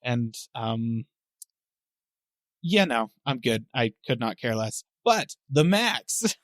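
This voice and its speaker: A man's voice: mid-range voice, sing-song, takes it slowly, a bit bright, no echo, studio quality. A man co-hosting a tech podcast, chatting casually with wry, sarcastic commentary. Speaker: podcast co-host. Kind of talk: casual chat.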